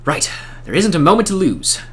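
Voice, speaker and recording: A man's voice: high-pitched, huge pitch swings, moderate pace, husky, pitched above the performer's own voice, heavily acted. A man voicing an earnest young male scholar from a game who talks in formal, old-fashioned phrasing.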